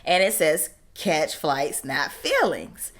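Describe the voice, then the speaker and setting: A woman's voice: low-pitched, slow pace, a crowd in the background. A woman co-hosting a podcast, telling stories in casual chat with laughing asides. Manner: animated storytelling, laughing asides. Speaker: podcast co-host.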